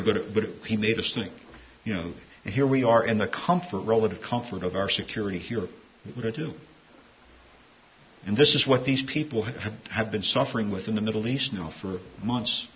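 A man's voice: fairly low pitch, a little fast. A man preaching a sermon in a conversational, digressive way, with asides. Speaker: pastor. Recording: dull lo-fi sound with faint hiss.

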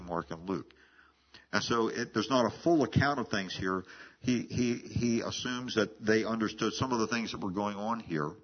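A man's voice: on the low side, a little hiss or hum. A man preaching an expository sermon in a conversational teaching manner, often restarting and repeating words mid-sentence. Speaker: pastor. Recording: muffled lo-fi sermon recording.

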